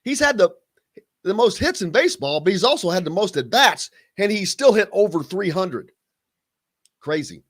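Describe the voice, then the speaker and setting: A man from Southern Indiana with a Southern Indiana accent, hosting a sports radio show in an excitable, animated way from a radio studio. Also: high-pitched, moderate pace. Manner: animated, excitable, hums jingles. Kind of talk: casual sports radio chat.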